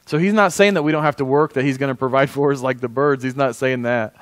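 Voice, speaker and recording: A man's voice: medium pitch, steady tone, quick pace, no room sound. A man preaching a conversational sermon as pastor, often asking the congregation for an amen. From United States.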